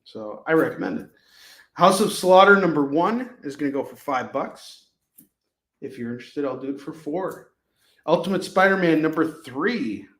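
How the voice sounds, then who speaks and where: A man's voice: on the high side, expressive, moderate pace, a bit bright. A man hosting a live comic-book sale, pricing issues in jokey, rambling sales patter. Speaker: host selling comics. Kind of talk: live shopping stream. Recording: echoey room.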